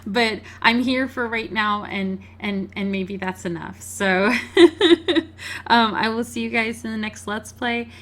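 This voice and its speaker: A woman's voice: mid-range voice, steady tone, a little slow, few pauses, a bit bright. A woman hosting a game let's play, reading the story aloud and commenting emotionally, tearful, stammering and laughing.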